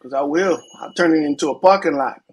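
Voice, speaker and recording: Host: American man, high husky voice, taunting trash-talker in a heated argument. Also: a little fast. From United States.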